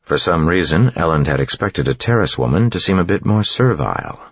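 A man narrating an audiobook with a steady, even reading. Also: low voice, a little fast, creaky, slightly rough, no echo, highs cut off.

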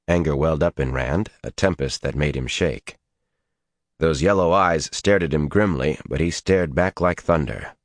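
Man, audiobook narrator, very deep voice, steady dramatic reading, dry close sound. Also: moderate pace, no echo. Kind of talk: scripted narration.

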